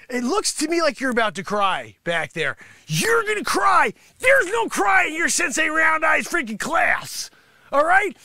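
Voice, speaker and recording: A man doing a brash, gravelly karate sensei. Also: very high voice, pushed and bright, no echo, voice pushed up, exaggerated voice. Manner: brash, scolding, mocking, salesman patter. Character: boastful greedy male karate sensei, middle-aged, abrasive. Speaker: comedy show host. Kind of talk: improvised comedy character monologue.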